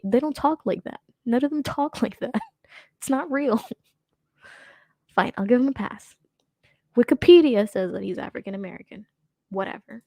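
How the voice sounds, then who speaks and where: A woman's voice: medium pitch, warm tone, no echo, studio quality. A young woman hosting a casual reaction commentary, sarcastic and rambling, often laughing as she talks. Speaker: commentary host.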